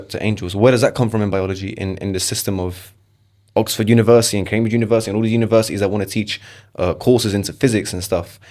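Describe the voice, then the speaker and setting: A man with a lowish voice speaks as a podcast guest. He is animated and stacks rhetorical questions one after another in loose, casual conversation.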